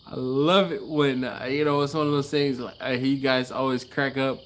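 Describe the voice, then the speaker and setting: A man's voice: medium pitch, little pitch movement, fairly quick. Laid-back man hosting a garage livestream. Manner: laid-back, chatty, laughs often, trails off. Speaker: livestream host. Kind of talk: casual live-stream chat reading comments.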